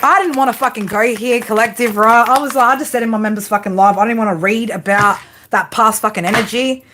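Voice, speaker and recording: A woman's voice: fairly high pitch, fairly even intonation, fairly quick, bright, forceful tone, slight background noise. Swearing Australian woman reading tarot. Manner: blunt, heavily profane, teasing. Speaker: tarot reader. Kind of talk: casual tarot reading to viewers.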